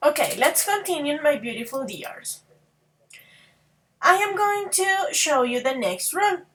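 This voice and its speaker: High, bright-voiced teacher. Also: female voice, animated. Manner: affectionate, calls students babies and dears; repeats okay and halting restarts. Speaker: English teacher. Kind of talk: grammar lesson to students.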